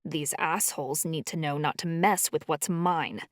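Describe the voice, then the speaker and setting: A woman's voice: low-pitched, steady tone, a little slow, no room sound, studio quality. A woman voicing a fierce, hot-tempered young woman shifter who talks sharply. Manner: sharp, snapping.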